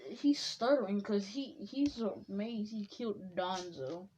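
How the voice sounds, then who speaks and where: A woman's voice: medium pitch, lively intonation, unhurried, darkish tone, a little hiss or hum. Rambling woman telling a fan story. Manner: rambling, loose, with many "like"s. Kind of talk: improvised fan-fiction storytelling.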